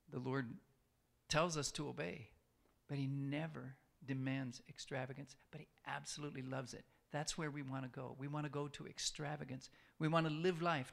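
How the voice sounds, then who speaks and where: Guy preaching a sermon, kinda high voice with a gravelly edge, repeats stuff for emphasis. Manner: conversational, repeats phrases for emphasis; asks the listeners questions.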